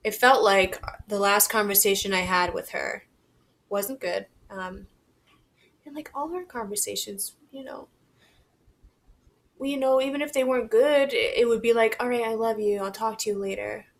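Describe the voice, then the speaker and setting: A young woman vlogging to camera, talking in a halting, reflective and candid way, swearing casually. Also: mid-range voice, steady tone. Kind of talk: personal confessional vlog.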